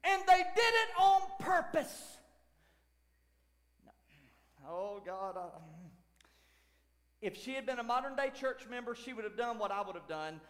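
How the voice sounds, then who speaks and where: A man preaching a sermon as lead pastor, animated, swinging from shouts to near whispers. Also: very high voice, moderate pace. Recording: long church hall reverb.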